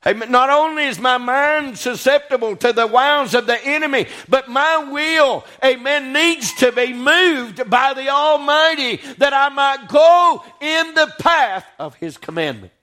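High-voiced preacher man. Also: bright, forceful tone. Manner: call-and-response preaching, frequent "Right?" and "Amen"; rising to emphatic peaks, slowing on scripture. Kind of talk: sermon.

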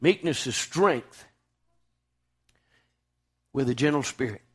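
A man preaching a sermon, swinging from loud, fervent declaiming to hushed, quiet lines. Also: mid-range voice, lively intonation, takes it slowly, husky.

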